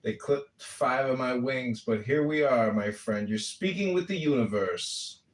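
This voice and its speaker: A man hosting a casual live audio chat, upbeat with loud greetings and salesy banter. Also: medium pitch, expressive, measured pace. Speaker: host. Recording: echoey, from far off the mic.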